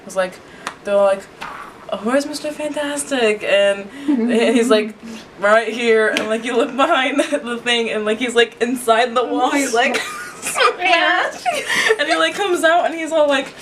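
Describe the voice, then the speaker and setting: A fairly high-voiced woman tells stories with laughter and lots of fillers, co-hosting a casual fan review. She is heard from a distance, with noise hissing behind her. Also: normal speed. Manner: laughing, animated storytelling full of "like". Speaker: co-host of a fan review video. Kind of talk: casual chat. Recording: distant mic with clear background noise.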